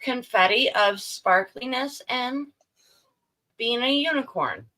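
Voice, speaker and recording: A woman's voice: on the high side, takes it slowly, bright, forceful tone. A tipsy woman chatting on a livestream, giggly and loose.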